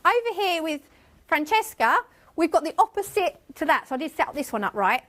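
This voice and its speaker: A woman's voice: extremely high pitch, sing-song, a little fast, fairly bright tone. A woman teacher presenting a workshop to a room of colleagues, chatty and self-mocking. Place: conference room with tables.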